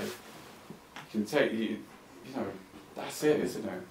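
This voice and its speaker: A man's voice: lowish voice, measured pace, pauses often, background noise. A man giving a rambling, impassioned talk to an audience at an arts venue, restarting his sentences and swearing. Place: arts club venue, talking to a live audience. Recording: roomy venue sound, mic at a distance.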